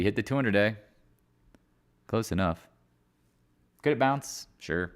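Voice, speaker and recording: A man's voice: fairly low pitch, expressive, a little slow, pauses often, fairly bright tone. A man hosting a casual live market chat, rambling and joking as he walks through charts, sometimes laughing at himself. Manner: sings and mimics other traders in silly voices.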